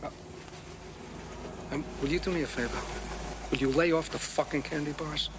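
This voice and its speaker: A man plays a menacing villain businessman with a gruff, curt way of talking and a voice sitting a touch high. The clip is a film excerpt with clear background noise running under every word. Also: fairly even intonation, normal speed, close to an everyday voice. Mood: scolding.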